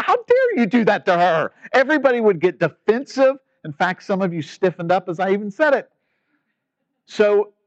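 A man preaching a sermon in a conversational way, asking rhetorical questions and rising to loud, emphatic peaks. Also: on the high side, no room sound, dull audio. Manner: animated, rising to near-shouting emphasis. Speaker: pastor.

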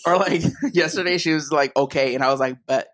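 A man's voice: a little high, over a noisy crowd. A man in casual chat, talking in a blunt, joking way. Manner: rapid-fire, blunt, joking. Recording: noisy recording.

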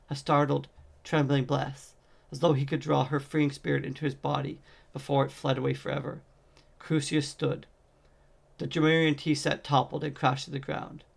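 A man reading a fantasy novel aloud as an amateur audiobook narrator, in a steady, measured way. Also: medium pitch, gravelly. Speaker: audiobook reader.

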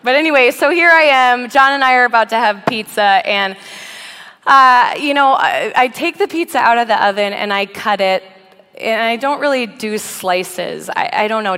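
A woman in her thirties preaching a sermon, telling funny personal stories with a self-deprecating, animated delivery and frequent laughs. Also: fairly high pitch, clean tone. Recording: long reverb of a big hall.

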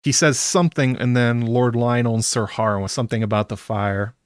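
A man streaming from home in a casual, rambling way, breaking off mid-sentence and chuckling between thoughts. His voice sits at an ordinary middle pitch, and the sound is close and dry with no room echo. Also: steady tone, a little fast, clear, resonant tone. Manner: chatty, self-interrupting, laughs often. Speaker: streamer recapping a TV episode. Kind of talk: casual live-stream chat.

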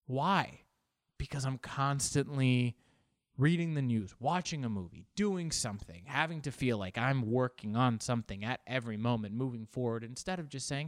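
A man's voice: medium pitch, a little fast, no echo, studio quality. A man talking casually on his own, rambling and poking fun at himself, acting out little imagined conversations. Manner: rambling, self-mocking, acts out little quoted exchanges. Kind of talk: casual monologue.

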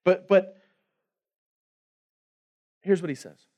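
A male pastor preaching a sermon, dropping to a hushed voice on key words. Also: high-pitched, steady tone, slow pace.

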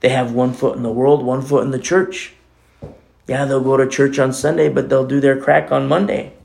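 A man's voice: mid-range voice, flat delivery, moderate pace, vocal fry, darkish tone. A man preaching a sermon as co-pastor, talking in a conversational way with many asides.

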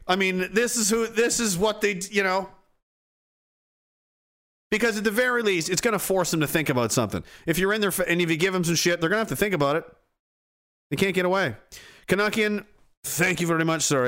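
A man hosting a livestream, reading chat and ranting heatedly with lots of swearing. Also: on the high side. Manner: profane, heated, swings from yelling to groaning.

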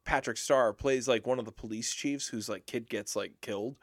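A man co-hosting a podcast, chatting casually about movies in an animated way and laughing often. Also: medium pitch, no echo, clean studio sound. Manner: animated, laughs often, slips into quick impressions. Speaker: podcast co-host. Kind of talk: casual movie commentary chat.

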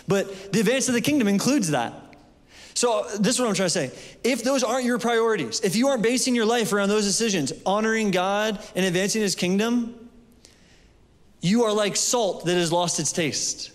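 Guy preaching a sermon, pretty high voice, chatty with lots of ums, echoey church hall. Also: normal speed. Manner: conversational, loose with fillers and restarts.

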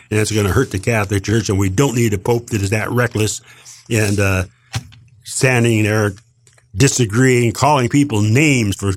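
An older man with a fairly low voice co-hosts a podcast, delivering a heated, rambling opinion monologue. He sounds emphatic and indignant and restarts his sentences often.

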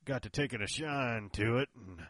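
A man's voice: mid-range voice, moderate pace, a bit bright, pitched above the performer's own voice, lightly acted. A man voicing a folksy older Southern gun seller with a Texas drawl, genial and drawling.

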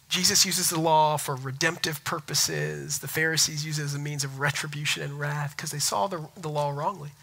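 A man's voice: fairly high pitch, vocal fry, sharp tone, poor audio. A man in his thirties preaching a sermon, telling stories with self-mocking humor. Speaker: pastor.

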